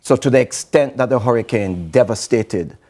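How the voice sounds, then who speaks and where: A man, the president of a plant society, explaining things calmly as a guest on a TV morning show. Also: medium pitch. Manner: measured, explanatory. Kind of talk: TV interview.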